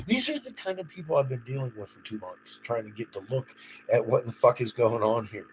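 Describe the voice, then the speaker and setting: A man's voice: mid-range voice, lively intonation, brisk, slight background noise, rough recording. A man live-streaming an unscripted monologue, agitated, swearing and rambling. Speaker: livestreamer.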